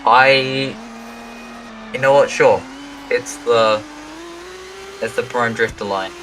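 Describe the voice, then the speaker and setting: A man giving casual, joking commentary on a sim race, often halting and poking fun at himself. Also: medium pitch, a bit bright, slight background noise, poor audio. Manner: joking, self-deprecating, halting.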